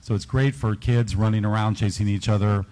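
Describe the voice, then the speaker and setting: A man's voice: fairly even intonation, a little fast, background noise. A man presenting new toys at a convention panel, talking with enthusiasm and lots of fillers. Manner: enthusiastic product pitch with frequent fillers. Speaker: toy designer presenting products.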